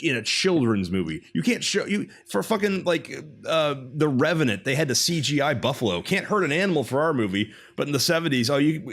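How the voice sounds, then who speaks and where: A man co-hosting a casual podcast, ranting in an animated, profane way. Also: mid-range voice. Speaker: podcast co-host. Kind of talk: casual chat.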